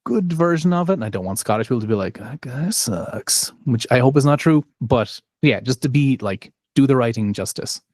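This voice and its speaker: A man's voice: medium pitch, lively intonation, fairly quick, few pauses, a little mellow, no echo, clean studio sound. A man with an Irish accent, an audiobook narrator chatting casually and self-deprecatingly in a live conversation.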